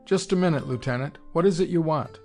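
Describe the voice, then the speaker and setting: A man's voice: fairly high pitch, a little fast, a little mellow, faint music behind, voice pushed up, lightly acted. A man voicing a stern army major who speaks in clipped, formal refusals. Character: stern older male army major, officious.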